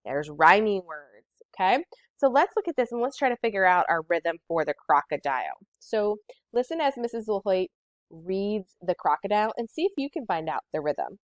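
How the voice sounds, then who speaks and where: A woman teacher giving a recorded poetry lesson to children, counting out syllables slowly and deliberately. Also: mid-range voice, very animated, no room sound.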